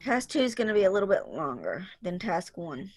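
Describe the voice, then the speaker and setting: A woman's voice: mid-range voice, sing-song, a little fast, breathy edge, low-quality recording. A woman on a video call, explaining a project schedule step by step to her group, with frequent ums. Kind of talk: casual planning call.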